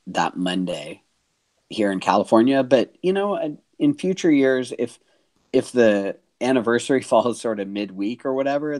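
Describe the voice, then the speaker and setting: Man, lowish voice, casual podcast chat, laughs a lot. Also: darkish tone. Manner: chatty, laughs often. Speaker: podcast co-host.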